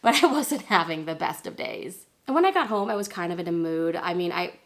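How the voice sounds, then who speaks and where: A young woman telling a story in a casual vlog, chatty and animated, laughing at herself and jumping into a high squeal when she acts out what people said. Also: a little fast. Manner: chatty, many fillers and self-deprecating laughs. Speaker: vlogger.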